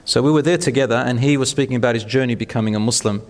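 Earnest guy preaching and telling stories, mid-pitch voice, long hall echo. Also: racing. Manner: earnest, encouraging, storytelling. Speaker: speaker at a talk. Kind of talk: religious talk with Q&A.

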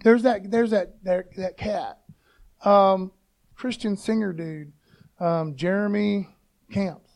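Brief: high-voiced, gravelly man preaching casually, fired-up and conversational. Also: steady tone, slow, long pauses, a little mellow. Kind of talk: informal devotional talk.

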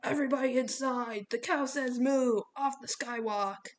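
A gruff, blunt middle-aged coach who grumbles and barks orders, as a woman reads him. His voice carries a gravelly edge, and he talks in short, clipped bursts. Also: mid-range voice, brisk, fairly bright tone. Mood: bellowing.

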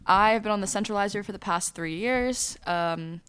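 Teen girl co-host, smooth clear voice, chatty and a bit nervous. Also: mid-range voice, normal speed, a bit bright. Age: late teens. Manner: chatty, giggly, a little nervous. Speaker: podcast co-host. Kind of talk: casual chat. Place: school classroom.

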